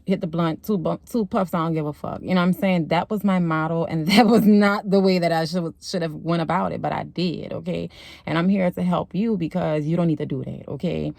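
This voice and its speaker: A woman's voice: on the low side, vocal fry, mellow, no echo. A young adult woman, a spiritual well-being guide, speaking in a candid, emphatic, casual motivational talk with slang and swearing.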